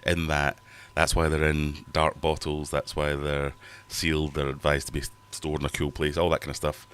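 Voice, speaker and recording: A middle-aged man with a very low voice hosts a livestream from his fish room at home. He reads out viewer comments and rambles on in a chatty, self-mocking way. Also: completely flat delivery, normal speed, fairly bright tone, smooth. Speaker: livestream host. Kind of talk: casual livestream chat reading viewer comments.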